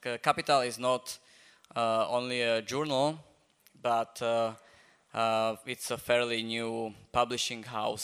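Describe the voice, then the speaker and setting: A man's voice: medium pitch, fairly bright tone, clean tone. Hesitant man hosting a live talk. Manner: hesitant, many fillers. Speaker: host, journal editor. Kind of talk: live public talk introduction. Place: festival event space.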